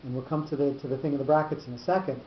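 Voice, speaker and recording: A teacher giving a lesson on cantillation notes, explaining slowly and often repeating words as he goes. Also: medium pitch, fairly even intonation, echoey room, highs cut off, slight background noise. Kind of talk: lecture on cantillation.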